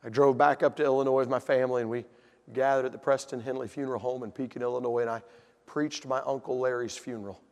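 A man preaching a sermon, telling a family story and building to shouted emphasis. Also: mid-range voice, steady tone, fast talker, in a large hall. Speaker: pastor. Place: church hall.

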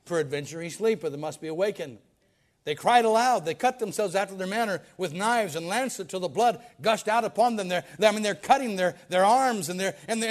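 A pastor preaching a sermon, reading Bible verses dramatically with folksy asides in between. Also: male voice. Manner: dramatic Bible reading with wide swings in loudness and pitch.

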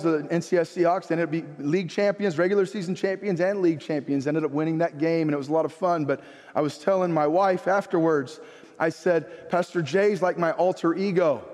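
Male pastor, high-pitched, impassioned sermon delivery, church hall reverb. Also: a little mellow. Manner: impassioned, rising to high emphatic preaching.

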